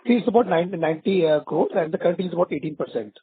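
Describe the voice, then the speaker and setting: A senior company man with an Indian accent answers questions rapidly, often repeating "yeah". His voice is high for a man and a little husky. It comes through a thin, tinny phone line. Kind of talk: earnings call answer.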